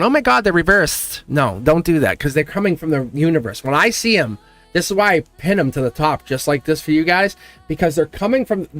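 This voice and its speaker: A middle-aged man hosts a live tarot stream, chatting casually, rambling, laughing often and saying "like" constantly. His voice is a little high and a bit bright, with no echo.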